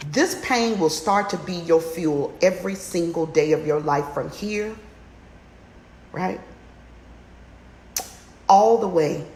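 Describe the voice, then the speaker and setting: A woman coaching a women's challenge in a motivational livestream talk, urging listeners on with fiery, repetitive exhortations that climb to near-shouts. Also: lowish voice. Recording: roomy echo with faint background noise.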